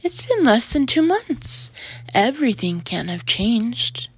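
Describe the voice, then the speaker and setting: A woman reading the part of an insistent male colleague in an audiobook, urgent and pressing, with a husky voice. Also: a little high, very animated, takes it slowly, voice pushed up, exaggerated voice. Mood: urgent pleading. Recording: dull, muffled audio.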